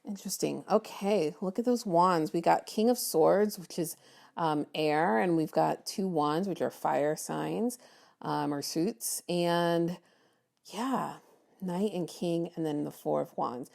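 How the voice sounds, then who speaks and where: Woman, tarot reader, low gravelly voice, chatty and encouraging, loose casual delivery. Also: slow, a little mellow. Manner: chatty, encouraging, many ums and restarts.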